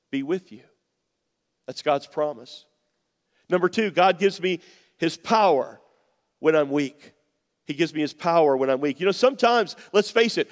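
A man preaching a sermon in an earnest manner, dropping to a soft near-whisper on key words. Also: high voice. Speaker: pastor. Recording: long hall reverb.

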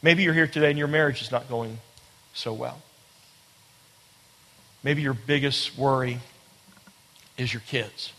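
A man's voice: mid-range voice, fairly bright tone, a little hiss or hum. A man preaching a sermon to a congregation, emphatic and repetitive, often asking rhetorical questions and speaking directly to the listeners. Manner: emphatic, repeats phrases, asks rhetorical questions. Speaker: pastor. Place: large room with a congregation. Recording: long hall reverb.

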